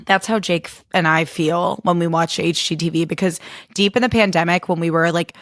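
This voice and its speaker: Woman in her thirties, podcast host, hoarse and raspy right now, lowish voice, gushing chatty delivery, dry close mic. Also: fairly even intonation, fairly quick, fairly bright tone, dry recording. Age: 30s. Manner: gushing, chatty, swears casually. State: raspy after a birthday weekend. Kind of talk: casual podcast chat.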